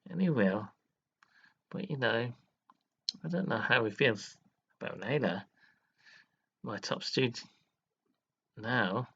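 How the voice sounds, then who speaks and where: A husky, gravelly, mid-range male voice, pushed and bright, comes through dull audio; he's expressive, takes it slowly and leaves long pauses. As a live streamer in an emotional vlog monologue, he dramatically and earnestly scolds and praises viewers by turns, laughing and sighing suddenly.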